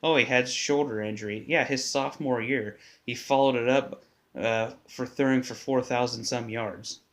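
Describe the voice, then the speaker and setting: A man's voice: mid-range voice, steady tone, normal speed. A man hosting his own sports podcast from his basement, talking casually and bluntly, swearing and muttering to himself as he fiddles with his setup. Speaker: podcast host. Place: home basement.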